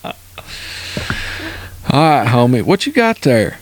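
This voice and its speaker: A man teasing a friend in casual chat on a video call, playful and quick to laugh. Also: mid-range voice, very animated.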